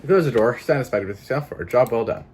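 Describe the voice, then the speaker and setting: A man's voice: medium pitch, lively intonation, quick pace, darkish tone, slight background noise. A man reading a narrative game aloud with casual, swearing commentary and laughing asides. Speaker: gameplay streamer.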